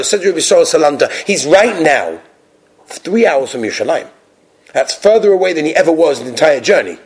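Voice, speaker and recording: A man's voice: high-pitched, a little fast, breathy edge. A man giving a religious talk, telling stories and acting out the characters. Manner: animated storytelling, acts out characters. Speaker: religious lecturer.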